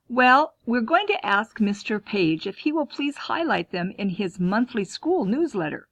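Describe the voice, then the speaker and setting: A woman school librarian teaching students, clear and instructive, posing questions and answering them herself. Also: on the high side, expressive, a little slow, few pauses, no echo, lo-fi sound. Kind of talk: classroom lesson, talking to students.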